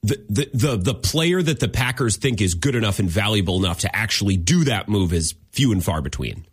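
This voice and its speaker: A man co-hosting sports talk radio, making wry, quick comebacks. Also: on the low side, lively intonation, breathy edge. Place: radio studio.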